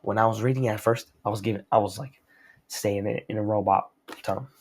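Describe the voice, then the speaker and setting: A man's voice: on the low side, steady tone, brisk, a little hiss or hum. A young man recapping a story in a rambling, slangy, casual manner. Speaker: host.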